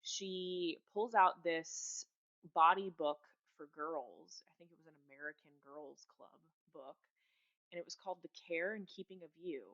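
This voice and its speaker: A woman's voice: fairly low pitch, moderate pace, fairly bright tone. A woman calling in to a podcast, frankly telling a personal story over lo-fi audio. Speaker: caller.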